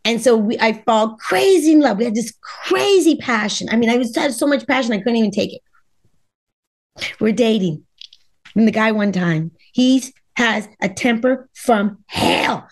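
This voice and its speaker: A woman's voice: on the high side, lively intonation, moderate pace. A middle-aged woman from Los Angeles of Cuban background, a dating coach talking as a podcast guest, emphatic and repeating words as she acts out what people said. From Los Angeles, Cuban family. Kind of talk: podcast interview.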